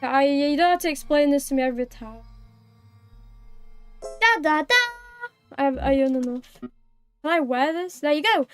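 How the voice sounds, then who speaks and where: A woman live-streaming a game, chatting playfully with viewers, thanking them and meowing like a cat. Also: high-pitched. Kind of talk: live-streamed gameplay chat.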